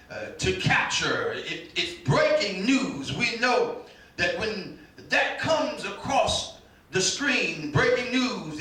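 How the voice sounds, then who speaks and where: A male pastor preaching a sermon with fervent shouting and half-sung lines, often stumbling over repeated starts. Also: high voice. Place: church sanctuary. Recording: very echoey room, mic at a distance.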